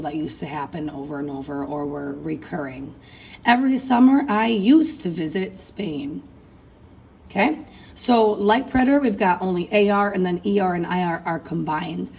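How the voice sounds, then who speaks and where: A woman talks through a lesson at an unhurried, deliberate pace. Her voice carries a slight huskiness. She chants lists of endings aloud and calls her listeners folks. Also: medium pitch, husky, low-quality recording. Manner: chanting verb endings, addressing students as folks. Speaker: Spanish teacher. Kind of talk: recorded classroom lesson.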